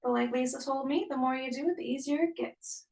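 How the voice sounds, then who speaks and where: A woman's voice: high voice, brisk, a little mellow, recorded from a distance, poor audio. A young woman leading a live online workout class, cheering people on and counting down each interval. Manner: upbeat, encouraging, counts down intervals. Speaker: fitness instructor.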